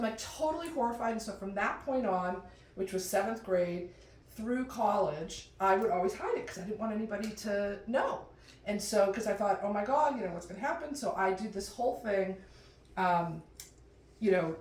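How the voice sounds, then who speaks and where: A middle-aged woman doing stand-up storytelling in a chatty, animated way, jumping into high voices when she quotes people. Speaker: comedian telling a personal story. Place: room with a live audience. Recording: roomy, distant mic with faint ambience.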